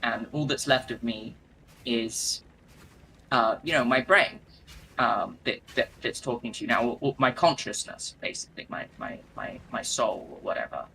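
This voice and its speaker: A man voicing a falsely friendly spirit-king who rambles with fillers, slightly higher than his own voice. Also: expressive, gravelly, pushed and bright, slight background noise, poor audio. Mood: wheedling. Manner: rambling, wheedling, halting with fillers.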